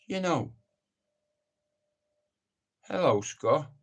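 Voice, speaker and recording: A man's voice: a little high, lively intonation, very slow. A middle-aged man hosting a live stream, ranting casually in a blunt, sweary, rambling way. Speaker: livestream host.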